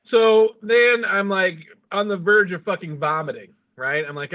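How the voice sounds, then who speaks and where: A man's voice: a little high, steady tone, normal speed, hardly any pauses. A man co-hosting a podcast, telling a rambling story in a casual chat, swearing constantly and laughing at his own jokes. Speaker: podcast co-host. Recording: phone-like lo-fi audio.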